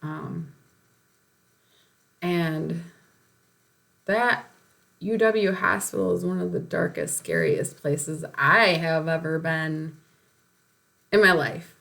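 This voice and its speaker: A woman's voice: sits low, animated, slow pace, creaky, long pauses, fairly bright tone. A woman telling a personal spiritual story in a rambling way, with many fillers and short laughs.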